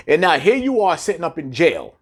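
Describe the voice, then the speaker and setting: A man's voice: on the high side, sing-song, fairly quick, slightly rough. A man delivering a blunt, profane monologue full of rhetorical questions and repetition, lecturing his audience. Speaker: commentator. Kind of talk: preachy monologue to camera.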